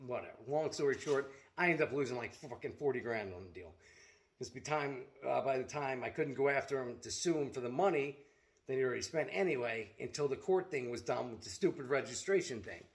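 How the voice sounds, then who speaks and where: Middle-aged man with a rough, gravelly edge, venting bluntly and with plenty of swearing to his viewers. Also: medium pitch, lively intonation, a little fast, slight background noise. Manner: blunt, profane, storytelling rant. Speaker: self-defense product seller. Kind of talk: casual vlog rant.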